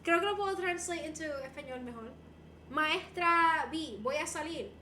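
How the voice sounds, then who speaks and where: A woman's voice: high-pitched, moderate pace, sharp tone, slight background noise. A young woman chatting casually on a livestream, answering viewer messages in a bubbly, giggly, playful way. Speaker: streamer. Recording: roomy echo.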